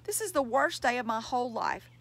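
A woman's voice: fairly high pitch, lively intonation, a little fast, a bit bright, breathy edge, pitched above the performer's own voice, full character voice. A woman reading the part of a shy, anxious new schoolboy who talks earnestly and tries hard to please. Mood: distraught.

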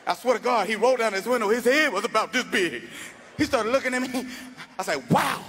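A man doing stand-up comedy on a stage with a handheld mic, loud and animated, laughing at his own stories. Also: very high voice, fairly quick, slight background noise.

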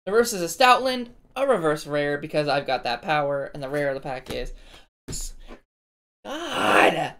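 This woman has a deep, fairly bright voice with lively intonation and a moderate pace. She hosts a card-opening channel, chatting casually and self-deprecatingly to viewers as she opens card packs.

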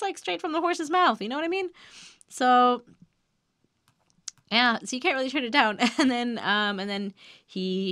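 A woman's voice: medium pitch, pushed and bright, no echo, clean studio sound. A woman hosting a lyrics breakdown, talking casually with frequent giggles and filler ums. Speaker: host breaking down song lyrics. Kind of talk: casual commentary.

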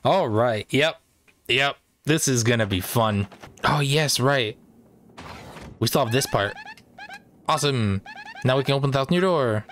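A man casually commenting on his own gameplay, joking and excitable, correcting himself as he goes. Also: mid-range voice, unhurried, pauses often, a little hiss or hum. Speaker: let's play gamer.

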